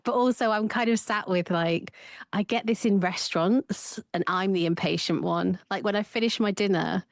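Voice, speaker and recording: A woman, a therapist co-hosting a casual podcast chat and lively acting out her own inner voice. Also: mid-range voice, normal speed, no room sound, studio quality.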